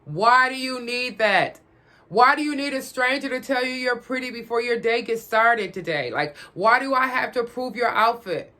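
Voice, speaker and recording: A woman's voice: on the high side, moderate pace, few pauses, bright, forceful tone. Blunt, profane woman lecturing. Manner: repeats questions for emphasis. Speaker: vlogger. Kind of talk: direct-to-camera rant.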